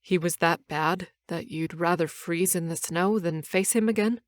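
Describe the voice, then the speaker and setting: A woman voicing a caring teenage boy who asks soft, concerned questions in an audiobook. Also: fairly low pitch, moderate pace, dry recording, clean studio sound, close to an everyday voice. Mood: gentle.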